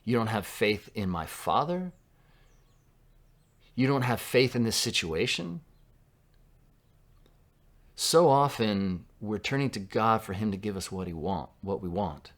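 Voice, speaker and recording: A man from Southern California preaching a sermon in a conversational way, dropping to a hush for quoted lines. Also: on the low side. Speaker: pastor.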